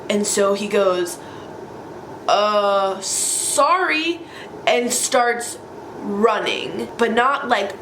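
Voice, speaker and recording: A woman's voice: medium pitch, noisy background. Chatty young woman in an echoey room. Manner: animated, chatty, heavy use of "like". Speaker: vlogger telling a story. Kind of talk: casual storytime vlog.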